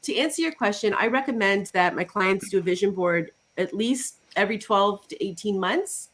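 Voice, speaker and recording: A woman's voice: mid-range voice, moderate pace. A woman life coach, a guest on a talk show, chatting casually and telling client stories with acted-out quotes. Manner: animated storytelling with acted quotes. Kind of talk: casual interview chat.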